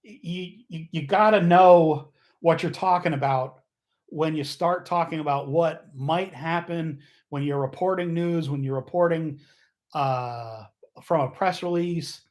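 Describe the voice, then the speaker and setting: A man hosting a casual livestream, rambling and joking, often losing his train of thought and getting loud and fired up. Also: fairly high pitch, measured pace. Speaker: livestream host.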